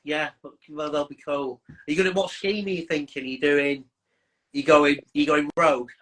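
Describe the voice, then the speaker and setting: A man's voice: a little high, fairly even intonation, normal speed, fairly bright tone, rough recording. A man co-hosting a podcast, chatting enthusiastically with trailing restarts. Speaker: podcast co-host. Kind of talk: casual chat.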